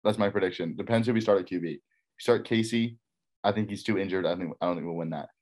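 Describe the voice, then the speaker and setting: A man's voice: sits low, quick pace, a little mellow. A man from Texas with a faint Texas accent, casually rambling through his college football picks in a solo talk. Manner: rambling, repeats himself, frank opinions.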